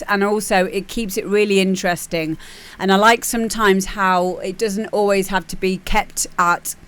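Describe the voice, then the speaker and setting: A young British woman hosting a music demo stream, chatting casually and rambling into animated bursts as she acts out scenes. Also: medium pitch, clear, resonant tone. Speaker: show host reviewing music demos. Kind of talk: casual livestream chat.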